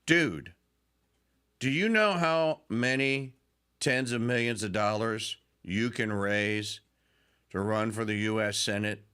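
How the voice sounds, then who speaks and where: A man's voice: lowish voice, slow, pushed and bright, smooth. A man hosting a political talk radio show, delivering a sarcastic, mocking monologue and sometimes mimicking politicians.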